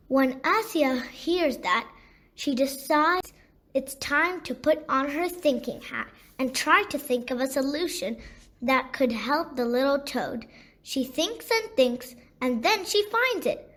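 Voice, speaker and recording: A woman reads a children's storybook aloud in a gentle, deliberate manner. Her voice is high and bright, and she takes each phrase slowly. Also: lively intonation. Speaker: narrator.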